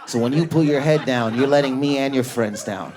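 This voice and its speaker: A man doing a stand-up comedy set in a club, riffing at high energy on an audience member. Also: fairly quick, background noise. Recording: live club with a laughing crowd. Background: audience laughter.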